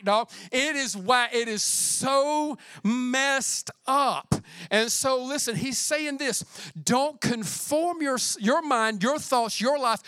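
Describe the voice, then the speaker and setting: A man's voice: very high-pitched, sharp tone, no room sound, studio quality. A young man preaching a casual, slangy sermon, talking to his congregation in a conversational, emphatic way and often repeating himself for stress.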